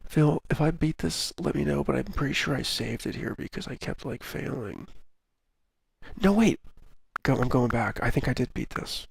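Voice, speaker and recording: Rambling gravelly-voiced male streamer. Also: medium pitch, fairly even intonation, a little fast, hardly any pauses. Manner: rambling, self-deprecating, jokey asides. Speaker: streamer playing a video game. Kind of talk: casual live-stream chat. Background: video game music.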